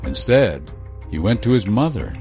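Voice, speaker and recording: A man narrating a news feature in a scripted, measured, dramatic storytelling manner. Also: fairly low pitch, very animated, a little mellow, soft background music.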